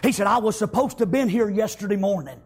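Speaking fast, a man preaches his testimony with passionate, folksy stories. His voice is very high for a man with a husky edge, and he drops "amen" after nearly every thought before rising into shouts of praise.

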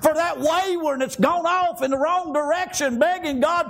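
A fervent male preacher with an unusually high voice for a man. He preaches a sermon, peppering nearly every line with "praise God" and "amen.". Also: normal speed, a bit bright.

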